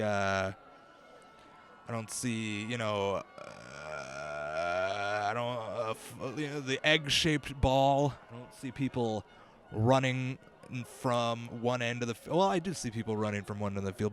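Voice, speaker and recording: A young man with a medium-pitched voice hosts a comedy podcast. He rambles through a clumsy, self-deprecating mock field report, dropping the occasional swear word.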